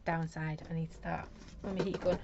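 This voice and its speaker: Low gravelly woman chatting while crafting. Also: level tone, brisk, lo-fi sound, very noisy. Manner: rambling, talks to herself while working. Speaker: craft demonstrator. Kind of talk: chatty live craft demo. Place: home craft desk.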